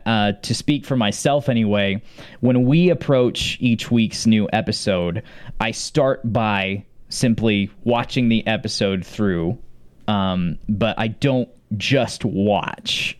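Smooth low-voiced male podcast co-host. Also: no echo. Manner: enthusiastic, laughs often, many fillers and restarts. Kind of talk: casual rewatch podcast chat.

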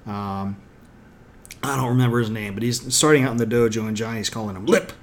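A man's voice: medium pitch, fairly quick. A man casually retelling scenes from a show in an emphatic, irreverent way, slipping into acted quotes of the characters.

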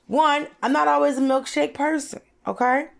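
A woman co-hosting a comedy podcast, arguing in a brash, animated way and swearing freely. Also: high-pitched, moderate pace, vocal fry. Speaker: podcast co-host. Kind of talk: casual comedic debate.

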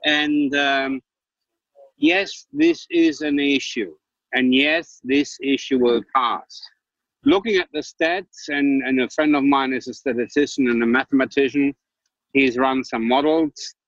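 A man's voice: medium pitch, expressive, measured pace, fairly bright tone, dry recording. A man of German background, an investor on an online panel, speaking in an upbeat, blunt, folksy way. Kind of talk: casual panel chat. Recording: dull, dry online call audio.

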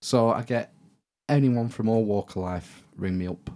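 A man's voice: fairly low pitch, moderate pace, dark tone. A middle-aged English man hosting a podcast, chatting casually and telling stories with lots of swearing and laughter. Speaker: podcast host. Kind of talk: casual chat.

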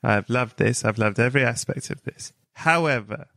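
A man's voice: mid-range voice, moderate pace, creaky, pushed and bright, dry recording. A man hosting a podcast, chatting casually and spinning a long, playful, whimsical tale for his guest. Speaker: podcast host. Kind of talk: casual chat with comic storytelling.

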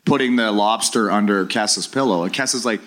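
A lower-voiced man spins a locker-room yarn for a live crowd, middle-aged and lively, slipping into his teammates' voices as he goes. He talks casually, with plenty of fillers and laughter. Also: brisk. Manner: animated storyteller, acts out voices of teammates. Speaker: former hockey player guest. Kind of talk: live podcast storytelling.

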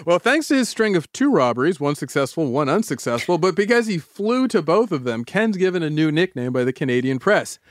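A man co-hosting a podcast, telling a true-crime story in a casual, animated way with frequent laughs and asides. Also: fairly high pitch, a little fast, hardly any pauses, no echo, clean studio sound.

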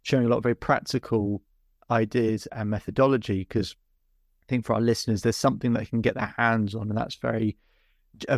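Gravelly podcast host wrapping up. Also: male voice, lowish voice, no echo, clean studio sound. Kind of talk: podcast interview.

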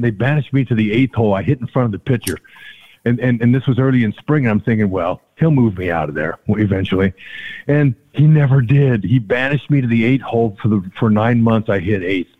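An older man, a former ballplayer, telling stories as a podcast guest, acting out the quotes with big jumps in his voice. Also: medium pitch. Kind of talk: storytelling in a casual interview. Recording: tinny phone-like line.

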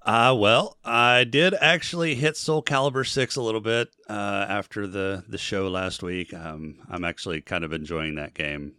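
A man's voice: on the low side, normal speed, hardly any pauses, sharp tone, clear, resonant tone, dry recording, clean studio sound. A man co-hosting a casual gaming podcast, easygoing with hesitant fillers. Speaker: podcast co-host.

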